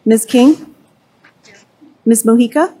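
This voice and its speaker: A woman clerk calling the roll at a board meeting, reading names and titles briskly and evenly. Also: on the high side, mellow, breathy edge. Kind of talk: formal roll call.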